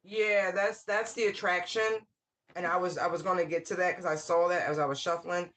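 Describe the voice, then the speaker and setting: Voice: medium pitch, fairly even intonation, moderate pace, fairly bright tone. A tarot reader talks through a spiritual reading in a loose, unscripted monologue. The delivery is blunt and peppered with swearing, drifting into wry asides. Laughter keeps breaking into the sentences. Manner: laughs often mid-sentence.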